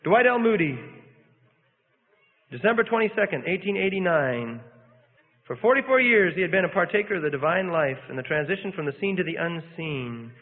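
A man's voice: sits high, animated, moderate pace. A man preaching a sermon, reading an account aloud with fervent, rising and falling emphasis. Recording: phone-like sound in a reverberant hall.

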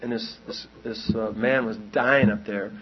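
A man's voice: fairly low pitch, fairly even intonation, unhurried, slightly rough, highs cut off. A man preaching a sermon, telling a long story in a loose, rambling way and then pressing his point with rising urgency.

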